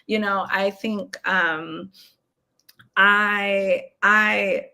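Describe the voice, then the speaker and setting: A young adult woman from the US Midwest, an author chatting casually in an interview, relaxed and laughing often. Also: mid-range voice, drawn-out words, gravelly, clear, resonant tone. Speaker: author guest.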